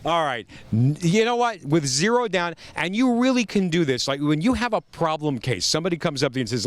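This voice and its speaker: A man with a Philadelphia-area accent hosts a car-lot infomercial, his voice pitched fairly high and swinging widely up and down. He keeps up a quick, joking sales patter, and the sound is close and dry, with little room around it. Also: sing-song, no room sound. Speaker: show host. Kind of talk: car dealership infomercial hosting.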